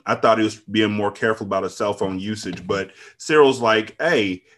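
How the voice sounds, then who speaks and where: A man hosting a podcast, recapping an episode in a casual, profane, storytelling way with quick asides. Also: fairly low pitch, fairly even intonation, fairly bright tone. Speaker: podcast host.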